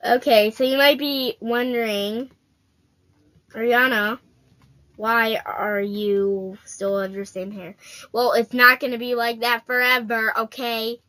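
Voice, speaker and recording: A woman's voice: fairly high pitch, fairly even intonation, slow, long pauses, pushed and bright. A female gaming host giving casual, playful commentary straight to her viewers while she plays.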